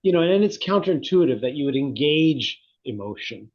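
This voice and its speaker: Middle-aged guy, husky voice, thoughtful and animated, slightly muffled lo-fi sound. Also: fairly high pitch, fairly quick. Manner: reflective, animated storytelling. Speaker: guest psychotherapy researcher. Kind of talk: conversational interview.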